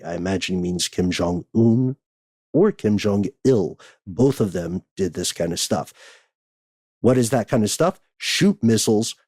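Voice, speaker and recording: A man's voice: fairly low pitch, darkish tone, dry recording, studio quality. An American man co-hosting a podcast, reading listener mail in casual banter with wry asides. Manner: chatty, wry, thinks aloud with asides.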